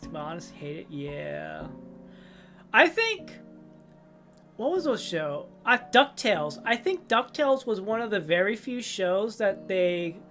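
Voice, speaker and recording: A young woman chatting on a livestream in a loose, rambling way, jumping from story to story. Her voice sits at an ordinary pitch, and her telling is lively. Quiet music plays faintly behind her. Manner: rambling, animated storytelling with goofy character voices. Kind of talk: casual chat stream.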